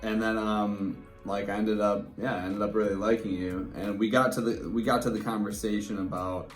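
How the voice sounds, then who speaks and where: A man in his twenties, laid-back and halting, casually telling how he met his partner. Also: fairly low pitch, little pitch movement, soft background music. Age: 20s. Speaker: co-host telling a couple's story. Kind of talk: casual chat. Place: indoors at home in front of a screen.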